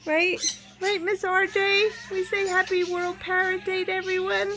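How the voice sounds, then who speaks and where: A woman's voice: very high-pitched, flat delivery, unhurried. A middle-aged woman who keeps parrots, chatting casually to her viewers and gushing to her birds in a sing-song baby-talk voice, often laughing. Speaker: parrot keeper at a home zoo. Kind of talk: casual vlog, talking to her pet birds. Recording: noisy room with squawking birds. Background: parrots squawking and chattering.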